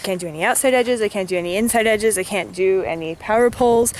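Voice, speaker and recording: Woman vlogger, mid-pitched, chatty and rambling, a faint hum of noise behind. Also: quick pace. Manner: chatty, filler-heavy, lots of "like"; frustrated, venting. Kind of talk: casual vlog chat.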